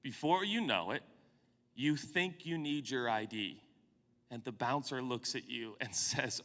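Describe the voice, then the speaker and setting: A man's voice: mid-range voice, a little slow, a bit bright. A man in his forties, a pastor telling a comic, self-mocking story during a sermon. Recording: long hall reverb.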